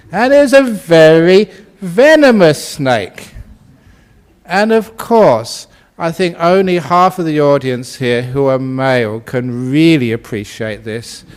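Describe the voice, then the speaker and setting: A man who is a Buddhist monk and teacher, telling a humorous story in a dharma talk. He talks in a relaxed, conversational way with many "you know"s and chuckles often at his own tale. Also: on the high side, slow pace, clean tone.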